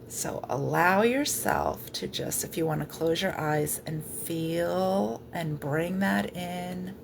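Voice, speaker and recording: A woman energy healer gently guiding viewers through a live-streamed clearing session, speaking softly with slow pauses. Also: low voice, slight background noise.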